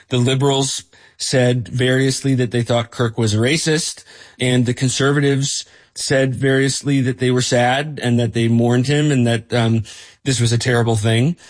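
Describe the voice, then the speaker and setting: Man retelling a reported story. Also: medium pitch. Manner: thoughtful, with frequent fillers and self-corrections. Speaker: journalist guest recounting a reported story. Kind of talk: conversational explanatory storytelling.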